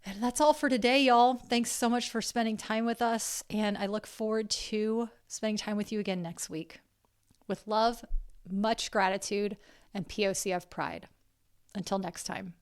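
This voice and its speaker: With a medium-pitched, steady, clean voice at normal speed, a South Carolina woman hosts her podcast. She's casual and heartfelt, gets emotional, and lets a curse word slip here and there.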